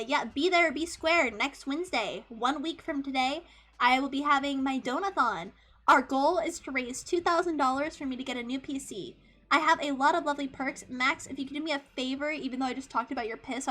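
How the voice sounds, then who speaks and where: A woman streaming live as a VTuber, chatting casually with her chat, giggly and excitable, swearing freely and squealing as she thanks viewers. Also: high voice. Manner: talks to chat, thanks subscribers.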